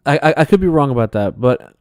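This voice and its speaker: A man's voice: medium pitch, a little mellow, clear, resonant tone, dry recording. Canadian guy on a chat show, dry sound, easygoing, laughs a lot, swears some. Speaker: co-host. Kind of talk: casual chat.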